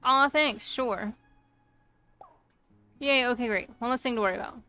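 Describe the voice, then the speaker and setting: A woman's voice: on the high side, moderate pace, bright, forceful tone, lo-fi sound. A woman reading a flustered, chatty young bride-to-be from a game. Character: nervous young bride-to-be planning a DIY wedding. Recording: faint music behind.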